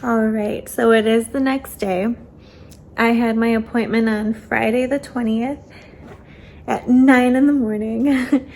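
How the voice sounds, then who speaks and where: A woman's voice: fairly high pitch, a little mellow, a little hiss or hum. A young woman vlogging in a chatty, candid way, a little out of breath. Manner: chatty and candid, with many fillers. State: slightly out of breath. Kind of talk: casual vlog chat.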